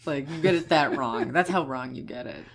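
A young woman with a notably low, deep voice banters as a podcast co-host. Her talk is loose and jokey, full of laughs and quick asides, in an easy casual chat. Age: young adult. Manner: joking, laughs often.

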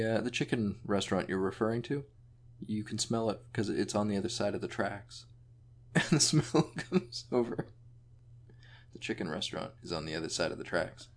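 A young man with a somewhat low voice co-hosts a podcast, tossing out wisecracks and deadpan asides. His delivery is relaxed and chatty, riffing loosely with his partner. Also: moderate pace. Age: young adult. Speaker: podcast co-host. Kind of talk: casual chat.

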